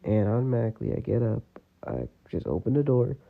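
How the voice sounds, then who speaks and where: A man's voice: mid-range voice, very animated, fairly quick, gravelly. A man telling a personal story in a casual, rambling way, full of fillers. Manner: rambling, full of "you know" and "like". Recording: tinny phone-like audio.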